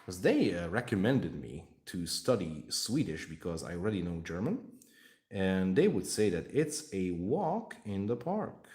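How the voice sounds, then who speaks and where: Casual streamer, male, deep voice, lively pitch swings, jokey and foul-mouthed. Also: measured pace. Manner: rambling, swears freely, jokey. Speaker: streamer painting miniatures. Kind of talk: casual live-stream chat.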